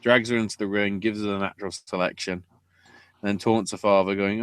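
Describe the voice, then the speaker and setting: A podcast host gives a casual wrestling recap, swearing freely and sounding sarcastic in an unhurried drawl. His voice sits on the low side, smooth with a steady tone, and faint music plays behind him.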